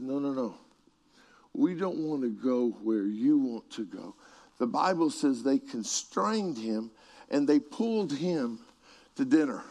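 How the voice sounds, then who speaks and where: A man preaching a sermon, telling stories with asides to people in the room and swinging from hushed tones to shouts. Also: mid-range voice.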